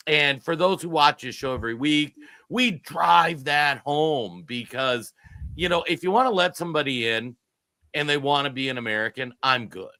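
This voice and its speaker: A man's voice: fairly high pitch, expressive, normal speed, sharp tone, no room sound. A man co-hosting a political podcast, talking in an emphatic, exasperated way. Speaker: podcast co-host. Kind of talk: heated political podcast talk.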